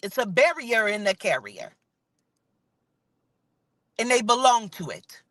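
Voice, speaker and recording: Woman, spiritual vlogger, preachy, profane, emphatic, bright tense tone. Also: big pitch swings, measured pace, dry recording. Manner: drops to a low mutter when saying she is getting angry. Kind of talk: impassioned spiritual monologue.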